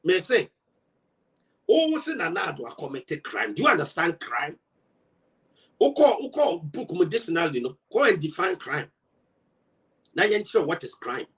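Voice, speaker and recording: A man's voice: a little high, very animated, measured pace, pauses often, fairly bright tone, far from the mic. A man with a Ghanaian accent, a political party member giving a heated rebuttal, emphatic and full of rhetorical questions as he switches between Twi and English.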